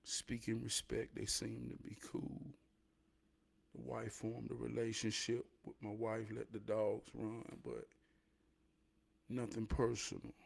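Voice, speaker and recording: A man casually telling a personal story to the camera in a slow, emphatic, conversational way. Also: on the low side, completely flat delivery, gravelly, slightly rough. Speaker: vlogger.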